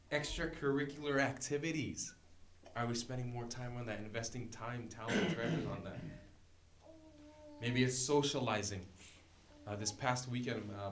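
A man's voice: lowish voice, a little hiss or hum. A man preaching a sermon as a guest speaker, talking in a conversational, joking way and laughing often. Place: church sanctuary. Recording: echoey church room.

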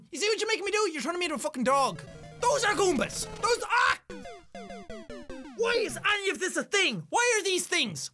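Man, pitched-up squeaky voice, wildly swooping delivery, swearing gamer commentary. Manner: constant swearing, shouting outbursts at the game. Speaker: gaming commentator. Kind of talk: frustrated gameplay commentary.

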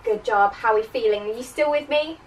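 A woman's voice: fairly high pitch, a little fast, far from the mic, rough recording. A woman teaching a children's language lesson, encouraging and sing-song, with playful praise.

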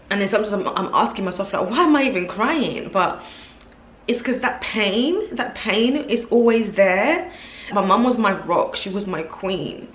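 A woman vlogging at home, talking to camera in a halting, heartfelt, reflective way. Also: mid-range voice. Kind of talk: casual vlog talk to camera. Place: home, indoors. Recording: echoey room.

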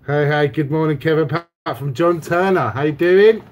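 A man's voice: fairly high pitch, moderate pace, a little hiss or hum. English man reading viewer comments. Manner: laughs often, reads out viewer comments. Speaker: co-host of a live stream. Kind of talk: casual live-stream chat.

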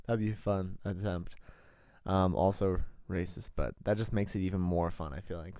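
Brief: male game master, rambling and joking, low slow voice with gravel, close dry mic. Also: darkish tone, dry recording. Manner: joking, rambling, many fillers. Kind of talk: casual tabletop game narration.

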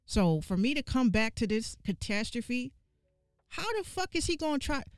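Animated, swearing woman doing game commentary. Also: on the high side, moderate pace, smooth, no room sound, studio quality. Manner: animated, profane, exasperated ranting; vernacular, repeats lines for emphasis. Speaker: gaming commentator.

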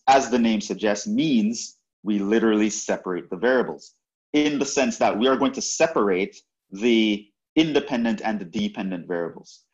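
Working through the math step by step, a male university lecturer repeats his points and keeps asking "right?" to check in. His voice is on the low side, and the recording is muffled.

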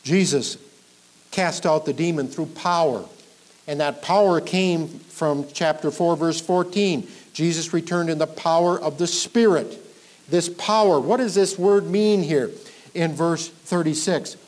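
A man preaching a verse-by-verse sermon as pastor, building up with emphasis and then dropping low at the ends of lines. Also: unhurried, a little mellow. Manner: teaching verse by verse, emphatic rises, trailing off low at line ends. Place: church sanctuary.

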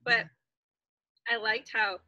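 A woman chatting casually in a playful, animated way. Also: on the high side, slow pace, no room sound, muffled recording. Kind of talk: casual chat.

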